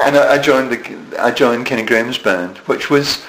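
In an echoey room with faint noise, a Scottish man in his seventies shares self-deprecating stories during a storytelling interview, frequently starting over. He speaks at a normal pace in a medium-pitched, slightly bright voice.

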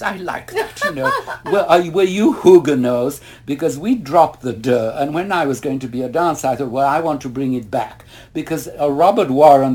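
Older guy telling old stories, husky voice, does everyone's voices and laughs a lot. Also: on the high side. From Ireland. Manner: animated, acts out quoted voices, laughs often. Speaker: interview guest. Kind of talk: reminiscing storytelling.

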